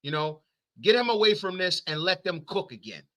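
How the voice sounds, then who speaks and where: Male co-host, very bright tone, slightly high, excitable barbershop-talk delivery. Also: normal speed. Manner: animated, repeats words, food comparisons. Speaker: wrestling podcast co-host. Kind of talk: casual barbershop-style chat.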